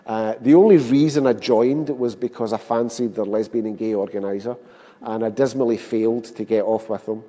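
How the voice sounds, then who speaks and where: A man's voice: fairly low pitch, fairly even intonation, moderate pace, mellow. A man in his fifties with a Glasgow accent, telling wry, self-mocking stories as a speaker at a public event. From Scotland. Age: 50s. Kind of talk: storytelling speech to an audience. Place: public hall. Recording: long hall reverb.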